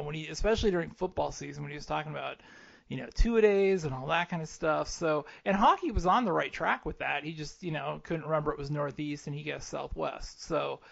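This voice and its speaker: A man's voice: fairly high pitch, creaky, lo-fi sound. A man co-hosting a podcast in casual chat, rambling and explaining himself with lots of fillers. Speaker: podcast co-host.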